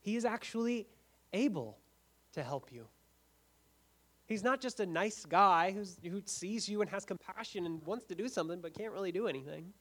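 A man preaching a sermon, building up to forceful emphasis and then dropping to a hush on key words. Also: sits high, expressive, normal speed. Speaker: pastor.

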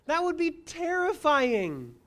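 A preacher giving a sermon, moving between quiet asides and loud emphasis and asking the listeners rhetorical questions. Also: sits high, huge pitch swings, slow pace. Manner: addresses listeners as friends, asks rhetorical questions.

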